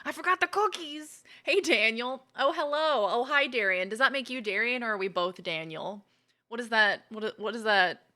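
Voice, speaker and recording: Woman streamer, chatty and playful, bright forward voice, slightly higher pitch, greets chat by name. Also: moderate pace. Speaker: gaming streamer. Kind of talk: casual live-stream chat.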